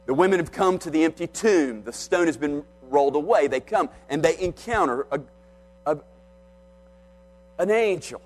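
Animated male preacher telling a story. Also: on the high side, moderate pace, soft background music, poor audio. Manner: storytelling, acting out the quoted lines. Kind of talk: sermon.

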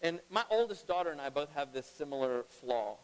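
A middle-aged man preaching a sermon as pastor, emphatic, swinging between loud and hushed. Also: on the high side, expressive, fairly quick, clean tone. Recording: long reverb of a large hall.

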